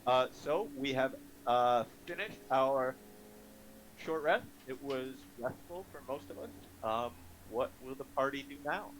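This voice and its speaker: A man's voice: mid-range voice, measured pace, slight background noise, poor audio. A man narrating as game master over voice chat, hesitant with many filler sounds. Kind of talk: narrating a tabletop game online.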